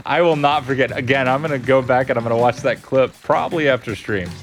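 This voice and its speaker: A man's voice: mid-range voice, fast, faint music behind. A man streaming a platform game, chatting casually with his viewers and laughing often. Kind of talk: casual gameplay chat with chat readers.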